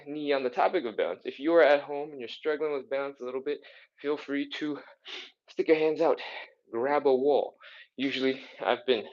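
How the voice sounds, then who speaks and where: A man's voice: medium pitch, moderate pace, a little mellow. A man talks through a live stretching session, counting reps and cueing moves in a casual, encouraging way. He is a little out of breath and sighs between exercises. His voice sits in a middle range, and the recording sounds a bit dull. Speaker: fitness instructor. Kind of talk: live follow-along workout coaching.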